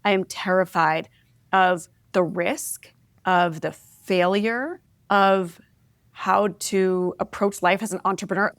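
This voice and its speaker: A woman in her forties, an interview guest, telling candid personal stories in an expressive, reflective way, often adding "like" and "right?". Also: mid-range voice, slow pace, no room sound. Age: 40s. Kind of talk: candid conversational storytelling.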